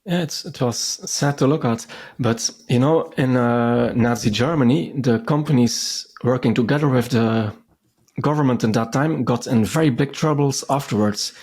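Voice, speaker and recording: Male co-host, husky voice, measured and hesitant, casual podcast chat. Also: mid-range voice, a little mellow.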